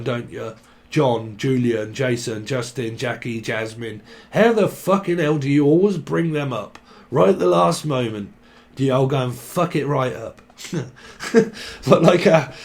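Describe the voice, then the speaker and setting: A man's voice: mid-range voice, darkish tone. Profane, rambling man reading tarot. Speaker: tarot reader. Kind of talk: casual tarot reading to camera.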